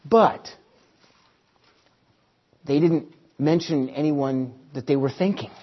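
A man's voice: a little high, slow pace. A man preaching a sermon, storytelling with varied emphasis. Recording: slightly dull recording.

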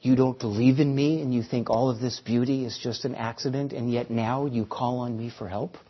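A man voicing God in a joke, speaking low, slow and grave. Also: fairly even intonation, breathy edge, close to an everyday voice. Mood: stern. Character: stern male voice of God, calm and authoritative. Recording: slightly dull recording.

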